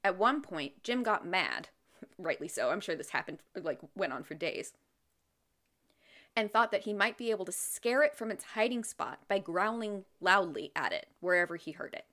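A woman's voice: lowish voice, animated, normal speed, a bit bright. A woman co-host telling a spooky story to a friend in a casual chat, often laughing.

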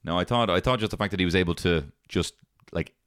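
A man co-hosting a casual film chat, animated and swearing freely as he acts out lines from scenes. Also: sits low, quick pace, smooth, no echo. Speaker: podcast co-host reviewing films.

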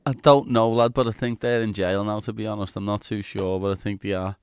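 A man's voice: fairly low pitch, steady tone, fairly quick, gravelly, a little mellow, smooth. A man with a Scouse accent hosting a podcast, chatty and informal, calling people "lad". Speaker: podcast host. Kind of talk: casual interview chat.

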